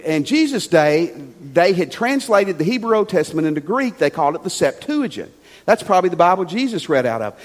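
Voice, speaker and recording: A man's voice: high voice, in a large hall. A man preaching a sermon as a pastor, emphatic and conversational, with frequent rhetorical questions. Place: church sanctuary.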